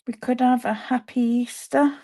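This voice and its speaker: A woman with a somewhat high, warm voice demonstrates card making live from her home craft room. She keeps a level tone and moderate pace, chatting with viewers as she crafts.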